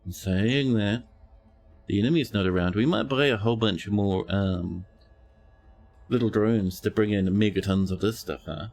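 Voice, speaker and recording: A man's voice: lowish voice, normal speed, darkish tone, faint music behind. A man streaming a space game live, giving playful, chatty commentary and joking with the characters.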